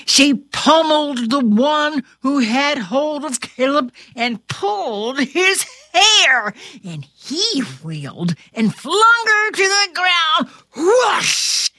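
A woman's voice: high voice, big pitch swings, extremely slow, bright, forceful tone, no room sound. A woman reading a storybook aloud with theatrical flair, dropping to whispers and rising to cries, then chatting with her listener.

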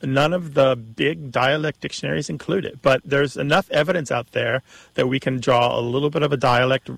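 Gravelly-voiced man explaining on radio. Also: mid-range voice, steady tone, brisk, no room sound. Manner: knowledgeable, explanatory, with restarts. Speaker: radio show co-host. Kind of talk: call-in radio chat. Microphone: studio mic.

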